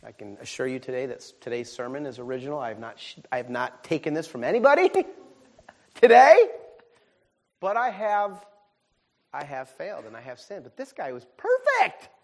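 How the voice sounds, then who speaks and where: High-voiced animated male pastor preaching. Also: normal speed. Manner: animated, swings from quiet asides to shouted exclamations; humorous, self-deprecating. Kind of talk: sermon.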